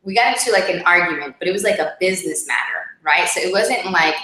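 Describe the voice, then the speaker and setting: A chatty woman co-hosting a relationship talk with a bright, forceful voice, peppering every sentence with "like" and "right?". The recording sits in a very echoey room. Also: on the low side, quick pace. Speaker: co-host. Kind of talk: casual couples chat.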